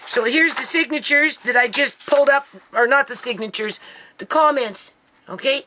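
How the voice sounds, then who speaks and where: Bright high-ish woman vlogging at home, teary, keeps saying okay and people, faint music behind. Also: normal speed, a little hiss or hum, low-quality recording. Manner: repeats "okay" and "people", near tears. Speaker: grieving mother and vlogger. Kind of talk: emotional to-camera vlog.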